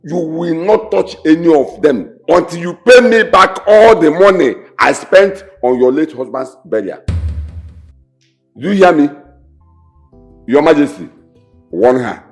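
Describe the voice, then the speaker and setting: A domineering father, barking orders and threats in a fairly high voice. Faint music sits in the background. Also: lively intonation, measured pace, long pauses. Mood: threatening. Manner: commanding, threatening. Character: overbearing, domineering father and greedy brother-in-law.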